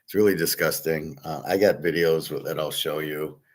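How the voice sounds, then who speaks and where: A man's voice: very deep voice, fairly even intonation, normal speed. A man hosting his own commentary show, ranting in an indignant, profane monologue. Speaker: host of a betting and gold commentary show. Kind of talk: opinion monologue.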